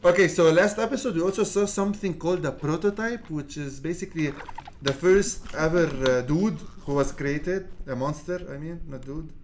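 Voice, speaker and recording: A gaming channel host giving laid-back let's play commentary, mumbling and swearing, then yelling at the monsters. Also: mid-range voice, moderate pace, slight background noise.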